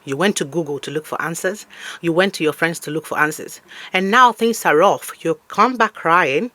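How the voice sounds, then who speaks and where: A woman's voice: on the low side, moderate pace, sharp tone. A woman from Africa, hosting a comedic podcast monologue in a scolding, preachy tone. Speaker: podcast host.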